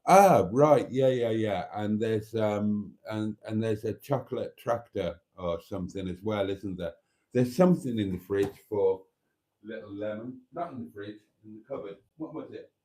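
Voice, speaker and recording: Rambling, mellow-voiced man hosting a live stream. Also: fairly low pitch, moderate pace. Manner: rambling, chatty, laughs easily. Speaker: channel host. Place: motorhome.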